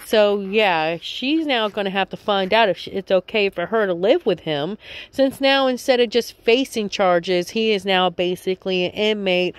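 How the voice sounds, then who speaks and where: A woman's voice: mid-range voice, normal speed, smooth, dry recording. A woman casually recapping a reality show episode, rambling and chatty, with lots of filler words.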